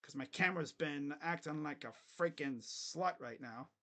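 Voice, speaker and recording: A young man hosting a casual live basketball reaction, joking bluntly and crudely with sudden loud bursts. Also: a little high, moderate pace. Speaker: sports channel host. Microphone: webcam setup.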